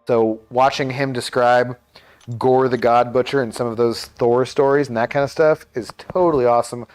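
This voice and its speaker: A man's voice: mid-range voice, smooth. A man streaming a game live, chatting casually and thinking aloud with lots of fillers.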